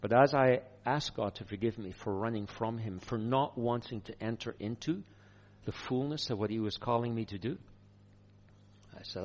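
A man preaching a sermon, telling a personal story in a lively way with chuckles. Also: medium pitch, normal speed.

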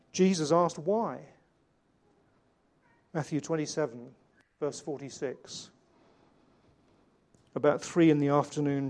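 A man preaching a sermon in an earnest way, slowing down and changing his volume to stress key points. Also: mid-range voice, a little mellow, slight background noise. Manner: earnest, varies volume for emphasis, slows on key lines.

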